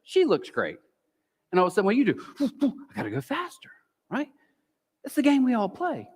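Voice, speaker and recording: A man preaching a sermon as pastor, animated, sometimes acting out a whispering inner voice. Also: very high-pitched, moderate pace. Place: large church auditorium. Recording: long hall reverb.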